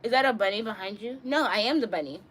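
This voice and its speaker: A bubbly young woman streams live from her bedroom, chatting with viewers and answering their comments. She is giggly and playful, jumping from loud outbursts to quiet mumbles. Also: mid-range voice, fast talker, husky.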